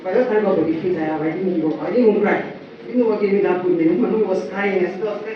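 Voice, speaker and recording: Nigerian woman giving a testimony in an echoey church. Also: quick pace. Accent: Nigerian English. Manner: storytelling with acted quotes, rising high when excited. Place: church hall. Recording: echoey, distant, muffled with background noise.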